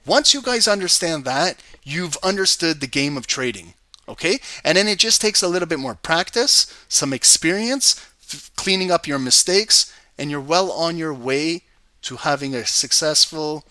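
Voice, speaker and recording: A man hosting a live trading stream, giving energetic casual commentary on charts and talking to his viewers. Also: on the high side, normal speed, dry recording. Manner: energetic, swears and laughs, talks to chat by name. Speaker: trading livestream host.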